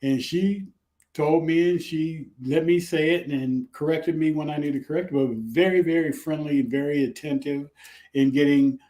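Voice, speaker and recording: An older man talks through a story at an easy pace, now and then dropping in a dry joke. He sounds casual and unhurried, like he is chatting with friends. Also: a little high. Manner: relaxed storyteller, dry humor. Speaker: co-host on a travel vlog. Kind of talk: casual live-stream chat.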